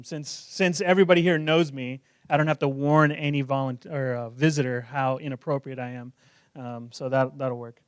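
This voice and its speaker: Joking, high-voiced male pastor. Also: smooth, no echo, studio quality. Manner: joking, self-deprecating, conversational. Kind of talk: sermon.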